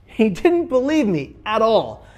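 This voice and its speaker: His voice sits high with huge pitch swings, delivered at a measured pace. This man, a suicide prevention speaker, addresses the camera about his personal experience, telling it energetically and voicing other people's lines within the story.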